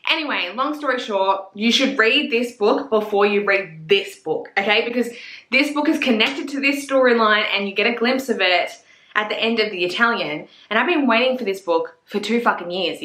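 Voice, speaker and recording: A woman's voice: mid-range voice, sharp tone, reverberant. A woman chatting casually as a book reviewer, gushing and swearing freely. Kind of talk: casual chat.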